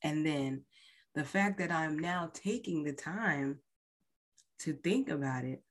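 Woman in her thirties, low voice, slow and halting storytelling that drops to near-whispers. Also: expressive. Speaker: podcast host. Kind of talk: personal storytelling.

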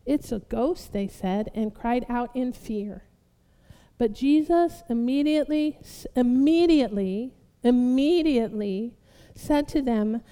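A woman pastor preaching a sermon, building to loud, fervent exhortation and calling her listeners beloved. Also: fairly high pitch, slow, clear, resonant tone, long reverb tail.

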